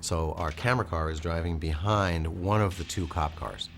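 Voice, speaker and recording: A man, a filmmaker in a documentary interview, giving a measured and detailed technical explanation of how a shot was done, with many "uh" fillers. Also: sits low, creaky, over music.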